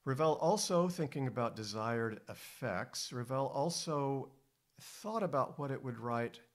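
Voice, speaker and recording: A man giving a measured, deliberate scripted lecture as a music historian, with emphatic stresses. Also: medium pitch, lively intonation.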